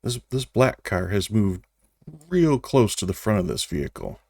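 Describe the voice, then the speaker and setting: A man with a notably low voice runs a tabletop game, describing the scene in a relaxed, wry way. The sound is dry and close, with no room around it. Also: normal speed, vocal fry, husky, dry recording. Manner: relaxed, wry narration with small restarts. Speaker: game master.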